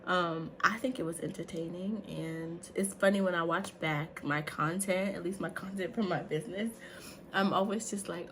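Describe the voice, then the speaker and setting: A woman in her thirties chats to her viewers, lively and full of asides. Her voice sits on the low side for a woman. A faint hiss runs under the recording. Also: normal speed. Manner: chatty, animated, says "y'all" and "like" often. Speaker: vlogger. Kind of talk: casual talk to camera.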